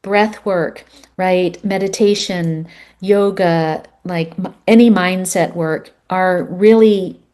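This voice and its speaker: A middle-aged woman speaks with a slightly low pitch, telling a story as a podcast guest. She talks in an earnest, animated way, full of "like" and "you know". Her delivery is conversational and heartfelt. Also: slow.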